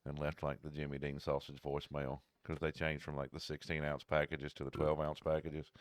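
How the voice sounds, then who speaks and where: A man's voice: rumbling low, monotone, a little fast, no echo. A man co-hosting a casual podcast, rambling through stories and acting out the callers in them. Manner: rambling storyteller, acts out callers' voices. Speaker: podcast co-host. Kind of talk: casual chat.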